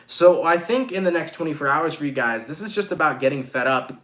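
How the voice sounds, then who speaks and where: A man giving a casual live-streamed tarot reading, expressive and swearing freely as he talks to viewers. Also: on the high side, fairly quick. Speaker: tarot reader.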